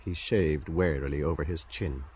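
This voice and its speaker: A man narrating a literary radio drama in a measured, deliberate reading. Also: very deep voice, a little mellow, slightly rough.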